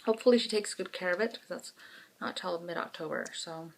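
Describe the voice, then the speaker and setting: A woman's voice: lowish voice, brisk, gravelly. A woman, co-hosting a podcast in frank, self-mocking casual chat. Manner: chatty, animated storyteller, frank and self-mocking. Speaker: podcast co-host.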